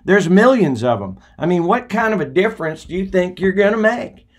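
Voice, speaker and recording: A doubtful old man scoffs from his beach-house porch, as a man puts him on. The voice sits a little higher than the teller's own, plain and unpolished. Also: sing-song, fairly quick. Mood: skeptical.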